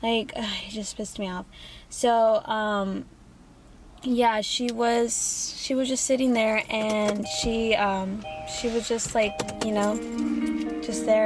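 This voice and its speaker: A woman's voice: a little high, little pitch movement, slow pace, over music. A young woman in a casual vlog, talking candidly and profanely with many fillers. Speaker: vlogger. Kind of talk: casual get-to-know-me vlog.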